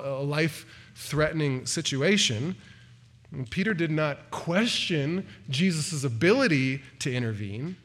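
A male pastor walks through a passage in an earnest sermon. His voice sits a little high for a man, and he lifts into sharper emphasis when he voices the cries he is quoting. Now and then he stumbles and restarts a word. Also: fairly bright tone. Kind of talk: expository sermon.

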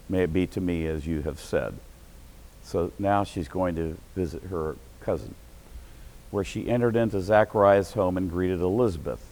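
A middle-aged man preaching a sermon as pastor, breaking into sudden shouted bursts of excitement. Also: deep voice, rough recording.

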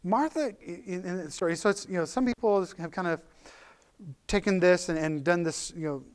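A man giving a casual, conversational sermon as a pastor, animated and full of restarts and fillers. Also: sits high, normal speed, clean tone.

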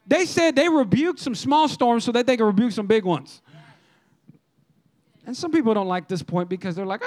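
A young male pastor preaching with a high, lively voice. He talks to the congregation in a conversational way and acts out what people say. His delivery swings between loud, punchy lines and quiet asides. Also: normal speed, pauses often. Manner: animated, conversational preaching with acted-out quotes. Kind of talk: sermon.

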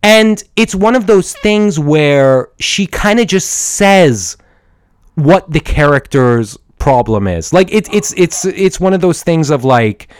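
A man's voice: fairly high pitch, animated, slow pace, smooth, no room sound, clean studio sound. A man from Iran hosting a solo film podcast from home, rambling through his thoughts with many restarts, fillers and casual swearing. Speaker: podcast host and film reviewer. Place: at home with a dog. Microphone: studio microphone.

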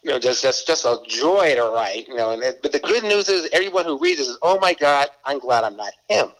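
A man's voice: medium pitch, lively intonation, fairly quick, fairly bright tone, rough recording. A middle-aged man from Boston, a guest author telling stories in a casual interview, rambling and often stumbling over and repeating his words.

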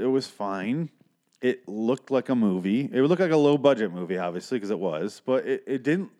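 This film reviewer, a man in his thirties, speaks in a lowish register with a darkish tone. His casual film recap is exasperated and sarcastic, and he doesn't hold back on the swearing.

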